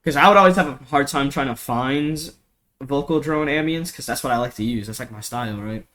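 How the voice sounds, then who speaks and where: Young man, bright tense voice, slangy and rambling, casual tutorial, cheap mic at home. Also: medium pitch, fairly quick. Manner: slangy, rambling, lots of fillers and swearing. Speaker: music production tutor. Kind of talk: casual screen-recorded tutorial. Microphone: cheap desk mic.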